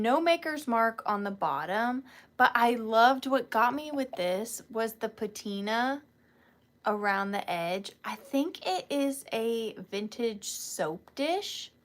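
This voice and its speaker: Her voice is on the high side and a bit bright as she runs a live online sale of vintage goods. Chatty and gushing, she fawns over each item and calls them little cuties.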